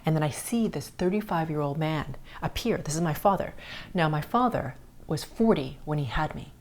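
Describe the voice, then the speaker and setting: Low-voiced woman telling a spiritual story. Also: lively intonation, moderate pace, a little hiss or hum. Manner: earnest, drops to soft whispers at tender moments. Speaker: podcast host. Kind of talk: personal storytelling on a spiritual podcast.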